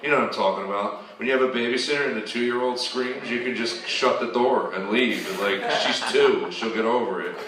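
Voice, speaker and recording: A man's voice: mid-range voice, a little fast, few pauses, crowd noise. A man doing a stand-up set in a comedy club, chatty and riffing with the audience. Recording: distant roomy club recording. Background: audience laughter.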